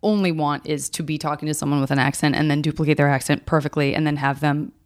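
American woman, podcast host, lower voice, rambling, lots of ums. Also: steady tone, fast talker. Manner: rambling, many fillers and restarts. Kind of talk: casual interview chat.

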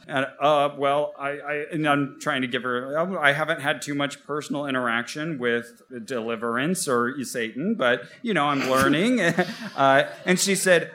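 A man co-hosting a live podcast, telling a story on stage in a wry, animated way with mock quotes. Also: fairly high pitch, moderate pace, a little hiss or hum. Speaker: podcast co-host. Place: stage before a live audience.

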